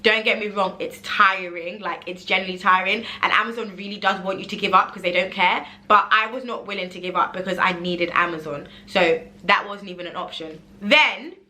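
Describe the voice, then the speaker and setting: A young woman telling a casual vlog story, animated and expressive, acting out what she said and using "like" often. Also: medium pitch, fairly quick, few pauses. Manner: animated, acts out her own quoted pleas, says like a lot. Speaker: online seller and vlogger.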